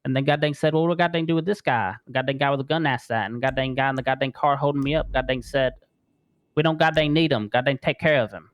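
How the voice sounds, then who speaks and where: A man's voice: mid-range voice, quick pace, dry recording, close to an everyday voice. A man voicing a rattled male crime witness in a role-play game, who stuffs the same curse word into nearly every phrase while giving a statement.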